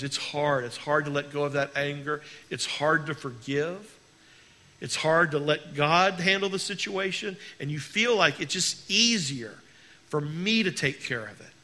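Middle-aged guy pastor giving a sermon, earnest, drags out the big words, bright clear tone. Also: on the high side. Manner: earnest preaching, slows down on key words.

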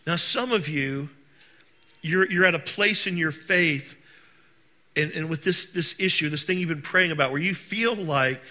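A male pastor with a high, very bright and forceful voice delivers a sermon in a church service. He talks in a loose, conversational way, quizzing the congregation and acting out little scenes with bursts of shouting. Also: animated, unhurried.

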